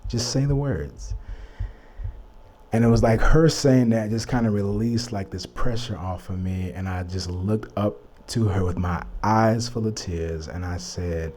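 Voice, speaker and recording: A man's voice: on the low side, steady tone, moderate pace, hardly any pauses, mellow, a little hiss or hum. A young man from Texas telling a personal story to camera, earnest and reflective, full of "you know" and "like". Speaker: vlogger.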